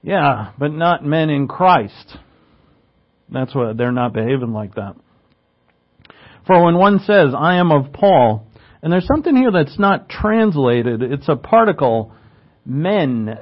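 A man's voice: mid-range voice, animated, takes it slowly. A man delivering a teaching sermon, his mid-range voice explaining Greek words and posing rhetorical questions. He rises with emphasis on key points, and the recording sounds a little dull and lo-fi. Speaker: pastor.

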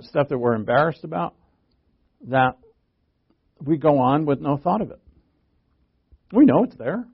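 Man, pastor, sermon, gravelly voice, earnest, halting, dull recording. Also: a little high. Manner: earnest, halting, with restarts and rising emphasis.

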